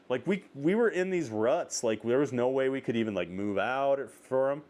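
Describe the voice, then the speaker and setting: Brief: male podcast host, mid pitch, lively animated storyteller, loose filler-heavy delivery. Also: a little fast. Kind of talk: casual interview chat.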